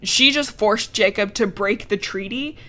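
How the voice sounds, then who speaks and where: Bright-voiced woman recapping sarcastically. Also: mid-range voice, a little slow. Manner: sarcastic, swears freely, quotes characters in mocking voices. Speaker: podcast co-host recapping a book. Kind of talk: casual chat.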